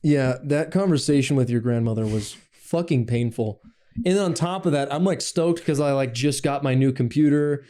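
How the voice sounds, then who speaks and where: Rambling young man, mellow voice. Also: moderate pace. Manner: rambling storyteller, swears, imitates people in a higher voice. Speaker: podcast co-host. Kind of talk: casual chat.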